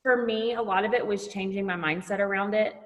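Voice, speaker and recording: A woman's voice: medium pitch, fairly even intonation, brisk. Earnest woman in a roomy-sounding space. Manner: earnest, reflective, lightly hesitant. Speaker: meeting participant. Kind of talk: casual sharing on a group call.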